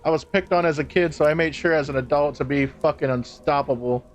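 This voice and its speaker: A man's voice: a little high, brisk, dull audio, slight background noise. Profane, laughing male streamer. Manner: profane, laughing, bantering with chat. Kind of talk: casual live-stream chat. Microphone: streaming microphone.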